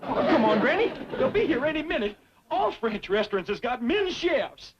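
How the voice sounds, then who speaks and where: A naive, boastful young hillbilly talks in a very high, bouncy Ozarks drawl. He is eager and folksy. The track is a muffled old sitcom soundtrack with loud hiss. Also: sing-song, moderate pace. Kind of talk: 1960s sitcom acting.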